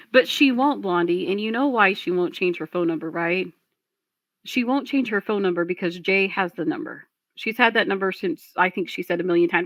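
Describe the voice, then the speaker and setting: A woman's voice: fairly low pitch, moderate pace, a bit bright, no room sound. Blunt, swearing woman streamer. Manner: blunt, profane, ranting to chat. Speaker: streamer reacting to a video. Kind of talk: casual reaction commentary.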